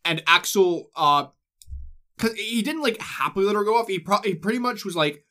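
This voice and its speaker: A man hosting a casual podcast, walking friends through a game's story in a quick, loose retelling. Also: high voice, animated, pushed and bright. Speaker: host. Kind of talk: casual chat, recapping a game story.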